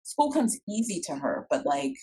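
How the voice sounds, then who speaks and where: A middle-aged woman, a guest coach, chatting on a podcast and telling stories with animated acted-out dialogue. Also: low voice, normal speed, breathy edge, poor audio. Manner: animated storytelling, acts out quoted dialogue. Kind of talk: casual podcast chat.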